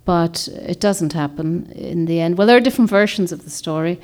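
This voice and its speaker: A woman's voice: on the low side, moderate pace, darkish tone. Woman, author, reflective talk, meandering, word-searching, restarts. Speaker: author and speaker.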